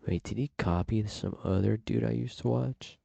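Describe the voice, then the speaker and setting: A man's voice: lowish voice, moderate pace, creaky, warm tone, no room sound. A man streaming live, tossing out mumbled, offhand asides as he reacts to a video. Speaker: livestream host. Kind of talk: casual reaction commentary.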